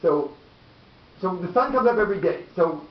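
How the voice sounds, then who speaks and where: A man's voice: sits high, expressive, normal speed. A man in the class asking eager questions, often interrupting and leaving his thoughts half finished. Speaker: student. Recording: distant voice in an echoey room, lo-fi.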